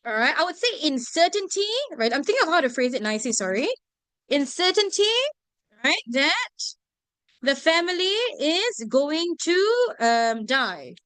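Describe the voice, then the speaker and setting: A woman's voice: sits high, sing-song, a little slow, fairly bright tone, no room sound. A young woman teaching an English vocabulary lesson to a class, often checking whether students follow. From Singapore. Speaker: English tutor.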